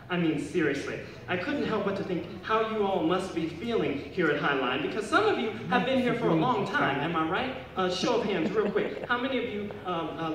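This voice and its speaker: A middle-aged man giving a playful, humorous speech to a school audience, rising high when he stresses a point. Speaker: speaker addressing students. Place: large hall or gym. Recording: echoey hall from far off with room noise.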